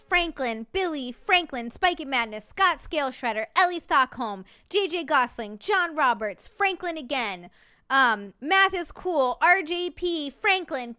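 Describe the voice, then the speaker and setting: Bright, crisp-voiced woman streamer. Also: fairly high pitch. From Hawaii. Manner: effusive, rapid shout-outs and playful asides. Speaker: live streamer. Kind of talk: casual late-night stream chat.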